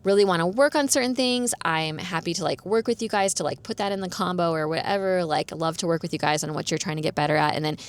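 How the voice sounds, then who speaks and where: A woman's voice: low voice, fairly even intonation, fast talker, few pauses. A young woman hosting a podcast, chatting casually on her own and filling her talk with "like". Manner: chatty, peppered with "like". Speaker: podcast host. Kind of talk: casual solo chat.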